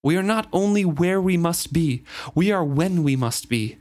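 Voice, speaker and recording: A man's voice: a little high, animated, normal speed, darkish tone, voice pushed up, close to an everyday voice. A man reading aloud and voicing an exultant, mystical young man from a fantasy novel. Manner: exalted and theatrical.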